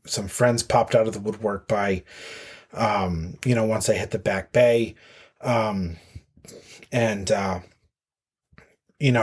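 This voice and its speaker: A man's voice: fairly low pitch, husky. Rambling man. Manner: rambling with many fillers and restarts. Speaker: podcast guest, marathon runner. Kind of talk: casual storytelling.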